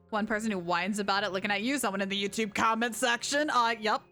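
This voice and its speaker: A young woman streaming a video game, commenting casually, excitable and ranting, with lots of laughing and shrieking. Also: medium pitch, moderate pace, soft background music.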